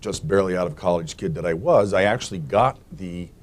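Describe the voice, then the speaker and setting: A man's voice: deep voice, a little fast. A man on a forum panel recalling his early work, wry and self-correcting.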